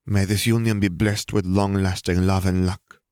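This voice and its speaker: A man's voice: low-pitched, little pitch movement, normal speed, darkish tone, clean tone, no echo, clean studio sound, natural voice. A man reading fan fiction aloud, voicing a cheeky younger sister with a chirpy, mischievous manner. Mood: formal.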